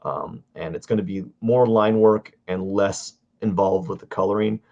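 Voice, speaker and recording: A man casually talking through a drawing livestream, rambling and halting as he searches for words. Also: on the low side, highs cut off. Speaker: artist streaming a drawing session.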